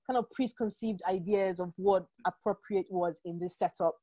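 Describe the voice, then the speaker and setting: A woman's voice: medium pitch, steady tone, normal speed, mellow, dry recording. A woman in her thirties with a French-influenced accent, a podcast guest chatting reflectively, with many fillers and restarts. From Ivory Coast. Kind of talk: casual conversation.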